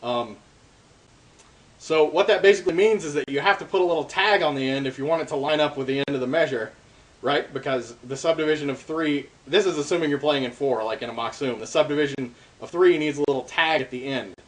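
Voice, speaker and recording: Brisk and a bit high-pitched, a darbuka teacher explains hand-drum rolls step by step in a casual tone. Fillers like um and uh come often, and drumming fills the spaces between phrases.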